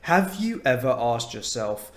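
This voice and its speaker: A man's voice: medium pitch, very animated, unhurried. A young man from London with a London English accent, hosting an English lesson and giving his opinion in an enthusiastic, emphatic way. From London, England. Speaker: English teacher, channel host. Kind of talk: casual opinion talk to camera.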